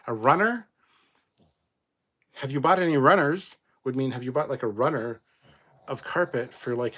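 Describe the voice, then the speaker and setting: A man's voice: medium pitch, fairly bright tone. A man from Canada reading out viewer comments in a casual live chat, blunt and rambling, swearing freely.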